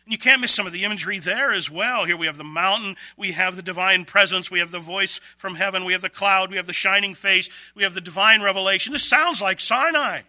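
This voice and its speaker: A man preaching an expository sermon, emphatic, with quick bursts and slow, stressed words. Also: sits high, bright, forceful tone, no echo.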